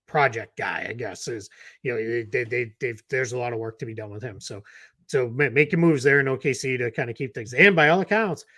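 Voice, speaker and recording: Male co-host with a Boston accent, casual analyst, dry close mic, middle pitch. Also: a bit bright, no echo. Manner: quick, loose analysis with fillers and restarts. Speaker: podcast co-host, basketball analyst. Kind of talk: casual chat.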